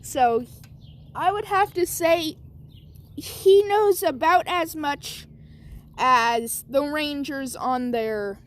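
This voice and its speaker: High-pitched girl telling a fan story off the cuff, keeps backtracking. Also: extremely slow. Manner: rambling, self-correcting. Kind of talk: casual fan-story narration.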